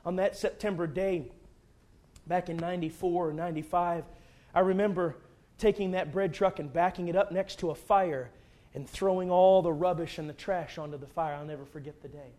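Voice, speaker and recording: A fervent middle-aged preacher, his voice sitting a little higher than most men's. He swings from near-whispers to full-throated cries as he pleads with the congregation. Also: steady tone, moderate pace. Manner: fervent, dynamic swings from hushed to shouting. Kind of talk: sermon with altar call.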